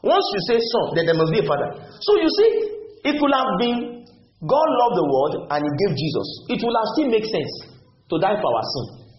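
A man's voice: high-pitched, sing-song, brisk, slight background noise. A man preaching a sermon as pastor, emphatic and often questioning his congregation. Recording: roomy, dull church recording.

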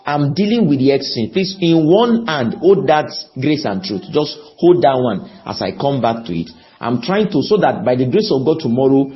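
A man preaching a sermon, pleading with his listeners and often asking them questions. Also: dull audio. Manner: pleading, rises on key words then drops low; repeats and asks the audience questions.

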